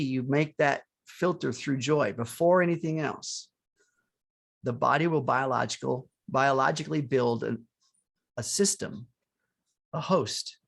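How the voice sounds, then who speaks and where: A man's voice: medium pitch, vocal fry. A man co-hosting a live online talk, speaking earnestly and motivationally about surrender and focusing on joy. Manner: earnest, motivational, with restarts and chuckles. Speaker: co-host. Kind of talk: spiritual coaching talk.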